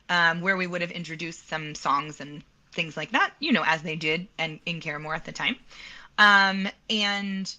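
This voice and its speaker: A woman opera soprano telling a story in an interview, animated and quick to laugh, acting out the voices of the people in it. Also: fairly low pitch, rough recording. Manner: animated, laughs often, acts out quoted dialogue.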